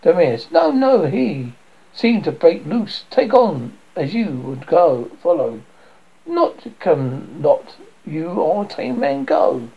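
A man's voice: a little high, very animated, slow pace, vocal fry, muffled recording, exaggerated voice. Demetrius: proud young rival, read by a man. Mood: challenging.

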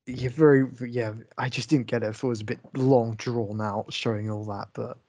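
A man's voice: mid-range voice, fairly even intonation, a little fast, a little mellow, no room sound. Hesitant filler-heavy man, dry sound. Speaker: podcast co-host. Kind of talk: casual film review chat.

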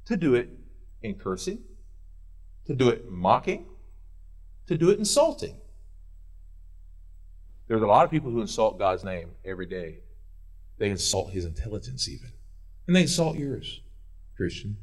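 A male pastor preaching a sermon in a church, swinging between loud urging and quiet intensity. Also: fairly low pitch, very animated, normal speed, long pauses.

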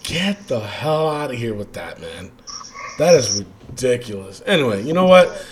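A man co-hosting a wrestling podcast in casual chat, animated and laughing often as he rants. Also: mid-range voice, moderate pace, slight background noise. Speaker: podcast co-host.

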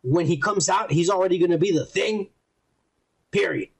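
Man, husky voice, podcast co-host, swearing, opinionated. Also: sits high, moderate pace, low-quality recording. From Mexican heritage. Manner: profane, ranting, opinionated. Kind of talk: casual pop culture chat.

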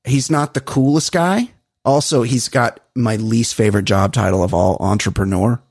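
Husky man telling stories with gusto. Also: medium pitch, moderate pace, no echo, studio quality. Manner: animated storyteller, swears freely, acts out quotes. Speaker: podcast co-host. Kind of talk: casual chat.

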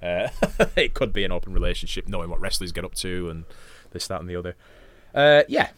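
A man's voice: deep voice, animated, fairly quick, no echo. A man co-hosting a podcast, swearing casually and recapping a wrestling match from notes between chatty asides. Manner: profane, chatty, laughs often, reads play-by-play notes. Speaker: podcast co-host.

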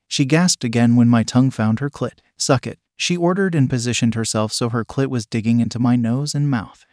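A man reads a first-person story aloud in a steady, matter-of-fact way. His voice sits at an ordinary middle pitch, and the recording is close and dry with no room around it. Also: no echo. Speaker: story narrator. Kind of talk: first-person fiction narration.

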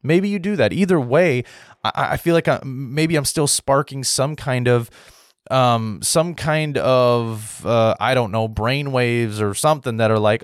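An American man giving a heated opinion monologue to his viewers, restarting sentences, clearing his throat often and tagging his points with "right?". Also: mid-range voice, measured pace, dry recording, clean studio sound. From United States. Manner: heated, repetitive, frequent "right?" tags and restarts. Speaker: political commentary host.

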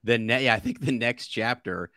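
A man's voice: medium pitch, normal speed, pushed and bright, dry recording, studio quality. A man co-hosting a podcast, talking in a rambling, casual way with restarts and laughs. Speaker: podcast co-host. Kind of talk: casual book discussion.

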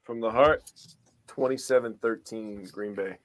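A man's voice: fairly low pitch, measured pace, a little hiss or hum. A man co-hosting a sports podcast, talking in laid-back, jokey banter. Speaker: podcast co-host. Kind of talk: casual sports podcast chat.

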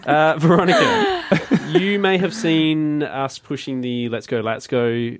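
Brief: male host, animated and laughing, dry close mic. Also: fairly high pitch, measured pace, no echo. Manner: upbeat, laughs a lot, asks questions. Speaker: podcast host. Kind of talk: casual podcast interview.

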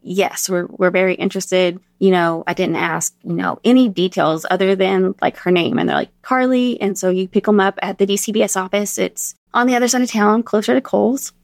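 A woman in her thirties, a podcast guest telling stories in a casual, animated way and acting out the dialogue she quotes. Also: medium pitch, fairly quick, creaky, few pauses, no echo, clean studio sound. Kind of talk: casual storytelling interview.

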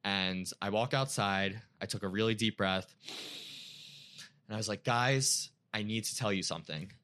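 A man's voice: on the low side, normal speed, fairly bright tone. A young man casually telling an emotional personal story as a guest, with many "like" fillers.

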